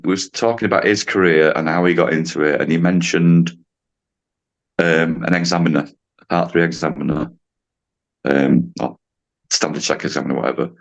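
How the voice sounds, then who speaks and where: A man in his late fifties tells a story on a podcast, his voice low and deep. He talks casually and acts out the voices of the people in his story, breaking into laughs now and then. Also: vocal fry. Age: 50s. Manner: animated storyteller, acts out quotes, laughs often. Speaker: podcast guest, driving instructor.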